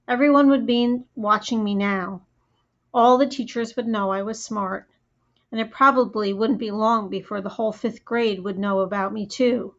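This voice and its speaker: A woman narrating a first-person audiobook in a plain, steady storytelling manner, on a dull lo-fi recording. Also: medium pitch, normal speed.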